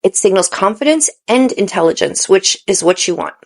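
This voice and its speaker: A woman's voice: medium pitch, lively intonation, moderate pace. A woman talking straight to camera in a motivational lifestyle vlog, earnest and encouraging, a bit tired late at night and sometimes stumbling over her words. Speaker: lifestyle vlogger. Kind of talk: motivational direct-to-camera talk.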